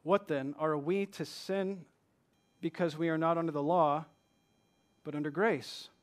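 A man preaching a sermon, slowing to read scripture and building to emphatic rhetorical questions. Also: on the high side, fairly even intonation. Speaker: pastor.

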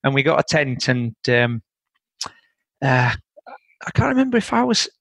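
A man's voice: mid-range voice, sing-song, normal speed, creaky, fairly bright tone, no echo. A man hosting a conversation, chatty and telling stories with many restarts. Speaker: host. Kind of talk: casual conversation.

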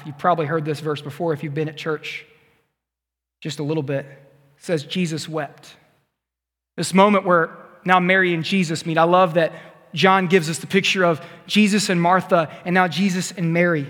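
A youth pastor delivers a sermon, retelling scripture conversationally and tossing asides to his listeners. His voice sits high and is a bit bright, and a large hall gives it a long reverb.

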